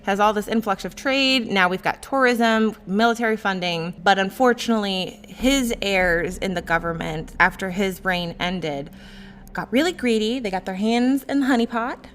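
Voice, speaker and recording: A woman co-hosting a casual true crime podcast, chatty and quick to laugh, with jokey asides. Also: mid-range voice, a bit bright, slight background noise. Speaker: podcast co-host.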